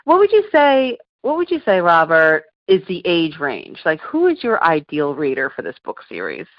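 A woman's voice: sits low, wildly swooping pitch, moderate pace, dry recording, muffled recording. A woman hosting an interview, introducing her guest and asking him questions attentively. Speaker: interview host.

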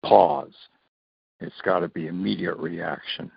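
A man's voice: sits low, slow pace, creaky, breathy edge, no echo, highs cut off. A man being interviewed as a child safety author, telling stories and acting out the dialogue. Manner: animated storyteller, acts out quoted dialogue. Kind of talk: interview storytelling.

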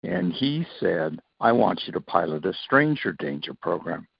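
Interviewed about his work as a child safety author, a man spins stories and voices the characters' lines with animation. His voice is low with vocal fry and breathiness, delivered at normal speed on lo-fi audio.

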